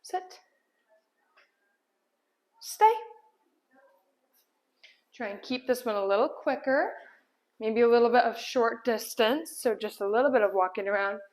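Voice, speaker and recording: A woman's voice: fairly high pitch, a little fast. Woman explaining puppy training. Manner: calm explaining, firm commands to a puppy. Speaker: dog trainer. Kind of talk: dog training demonstration. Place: indoor room at home.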